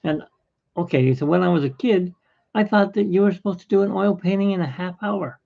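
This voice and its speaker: A man's voice: high voice, brisk, gravelly, dull audio. A man who hosts an art livestream, chatting in a rambling, opinionated way. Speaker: artist, livestream host. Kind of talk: casual livestream chat.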